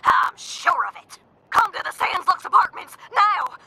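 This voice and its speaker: Paranoid apartment manager, game character, high sharp voice, lively, frantic and bossy. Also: female voice, unhurried, vocal fry, no echo, full character voice. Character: paranoid, shrill middle-aged woman apartment manager. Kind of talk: video game voice acting.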